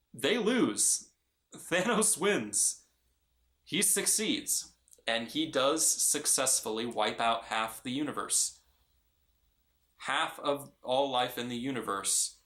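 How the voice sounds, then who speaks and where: A man's voice: mid-range voice, pushed and bright. A man giving a casual, earnest film review, often restarting and repeating his phrases. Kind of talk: casual movie review vlog. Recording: roomy echo.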